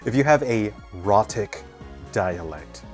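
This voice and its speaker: Man, very low voice, chatty game-dev commentator, digressive, self-correcting, faint game music behind. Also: lively intonation, slow pace. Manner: rambling, digressive, explains terms at length; frequent restarts and self-corrections. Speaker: game developer playing and commenting. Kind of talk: casual gameplay commentary.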